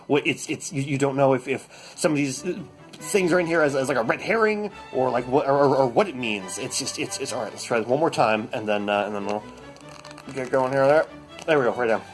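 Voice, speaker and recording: A man reads a pulpy novel aloud in a mock-serious deadpan. He keeps stopping to ramble and stammer through asides. Faint music plays behind him. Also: mid-range voice, brisk. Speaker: comedy host. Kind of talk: deadpan mock-literary reading.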